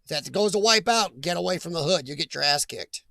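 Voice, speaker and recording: A man's voice: on the high side, animated, fairly quick, creaky, pushed and bright, no echo. A middle-aged man hosting a live chat stream, rambling and joking as he reacts to viewers' comments.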